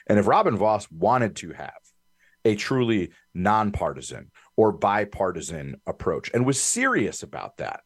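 A man with a low, deep voice argues politics with rising heat. His delivery swings widely in pitch as he builds emphasis. The sound is close and dry, with no room around it. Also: normal speed, no echo. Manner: animated, building to fired-up emphasis. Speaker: political commentator. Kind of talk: political talk radio discussion.

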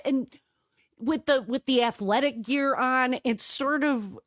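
A woman from the United States co-hosting a podcast in casual chat, animated and full of restarts. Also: high voice, a little slow, no room sound, studio quality. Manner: chatty, animated, with restarts and laughs. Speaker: podcast co-host.

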